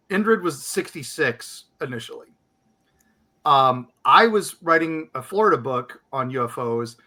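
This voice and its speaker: A man's voice: medium pitch, bright, forceful tone. A man co-hosting a podcast in casual chat, rambling and restarting mid-sentence as he sets up a story. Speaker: podcast co-host.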